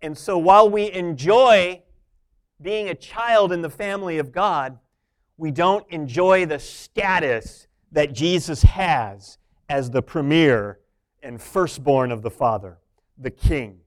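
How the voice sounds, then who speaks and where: Man, pastor, sermon, high voice, smooth and resonant, soft to emphatic. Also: takes it slowly. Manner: swings from soft, intimate asides to loud emphatic preaching.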